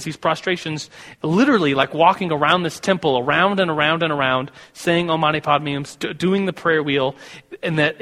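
This is a preacher from the United States giving a sermon, sharing a personal story conversationally and restarting often. His voice is fairly high and a bit bright, echoing with the long reverb of a hall.

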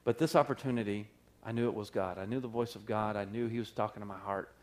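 A man preaching, telling a personal story in a sermon with lively acted-out quotes and frequent laughter. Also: fairly low pitch, fast. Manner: animated storyteller, acts out quotes, laughs often. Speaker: pastor. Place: church service.

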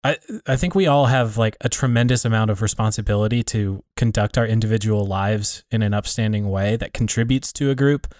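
A man in a relaxed conversation, thinking aloud about community and faith, often restarting and rephrasing as he works out his point. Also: on the low side, fairly quick, hardly any pauses, dry recording, clean studio sound. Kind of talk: reflective casual conversation.

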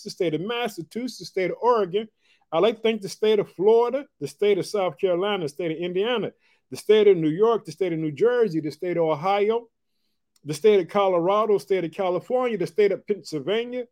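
A man from Chicago hosting a devotional podcast, talking with energy and repetition in a folksy, encouraging way. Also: high-pitched. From Chicago, Illinois. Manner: energetic, repetitive, folksy, calls listeners "family" and "boy". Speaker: podcast host and preacher. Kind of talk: enthusiastic devotional podcast talk.

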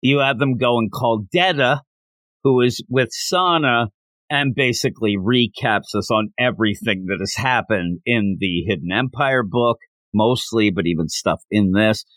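A man co-hosting a casual comic book review chat, animated and jumping into mocking voices for the characters. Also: medium pitch, measured pace, no echo. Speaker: podcast co-host.

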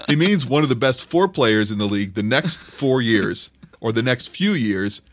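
A man's voice: medium pitch, lively intonation, moderate pace, a bit bright, no room sound. A man hosting a comedy podcast, introducing clips with dry, wry commentary.

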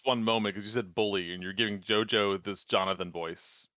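An American man co-hosting a casual podcast, tossing in quick playful asides and questions. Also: lowish voice, steady tone, bright, forceful tone, no echo, clean studio sound. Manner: fast, playful asides with laughs. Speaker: podcast co-host. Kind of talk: casual chat.

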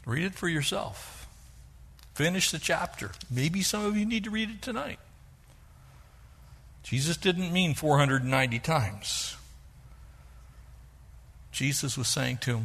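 A middle-aged male pastor preaching a sermon, animated, acting out the voices he quotes. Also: a little high, unhurried, pauses often, husky.

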